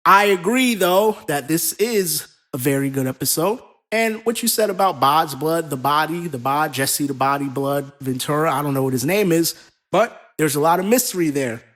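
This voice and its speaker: A man co-hosting a casual podcast, talking in an animated, profane, rambling way. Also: fairly high pitch, moderate pace. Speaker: co-host.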